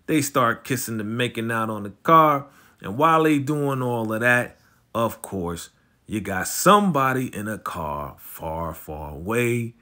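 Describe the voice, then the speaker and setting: A man giving a casual, slangy recap of a TV drama episode, telling it with animated energy. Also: medium pitch. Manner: animated, slangy storytelling, often fast. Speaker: YouTube show recapper.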